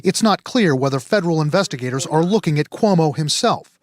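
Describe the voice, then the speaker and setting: A man delivering a formal news report in a crisp way. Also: fairly high pitch, expressive, fairly quick, a little mellow, no echo.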